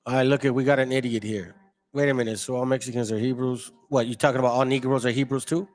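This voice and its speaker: A man's voice: medium pitch, steady tone, quick pace. A man hosting a livestream, arguing with and mocking viewers in the chat in a combative, confrontational way. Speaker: channel host. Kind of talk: livestream commentary reading chat.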